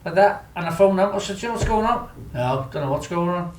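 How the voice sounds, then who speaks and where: A Liverpool man with a Scouse accent rambles through stories in casual chat as a guest storyteller, leaning on fillers like "do you know what I mean". His voice is high-pitched and darkish, fast and lively in intonation. The room is echoey with faint noise.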